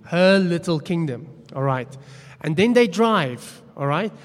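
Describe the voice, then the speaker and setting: A man's voice: a little high, lively intonation, a little slow. A man preaching a sermon, telling a story in a chatty, self-deprecating way. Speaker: pastor. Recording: long hall reverb.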